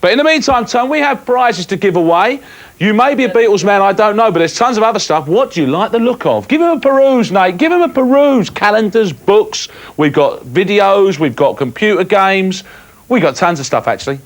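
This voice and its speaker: A man's voice: high voice, animated, a little fast. A man presenting a live cable TV phone-in, full of jokey banter and mock bluster.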